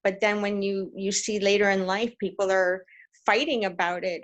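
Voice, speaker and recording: A woman's voice: medium pitch, normal speed. A woman from Canada in a casual group video call, telling stories animatedly and acting out quoted voices. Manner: animated storyteller, acts out quotes. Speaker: discussion participant.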